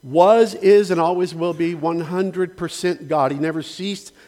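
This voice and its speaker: Pastor, male, high voice, earnest conversational sermon, long church reverb. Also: unhurried, dark tone. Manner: conversational, earnest, frequent restarts and asides. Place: church sanctuary.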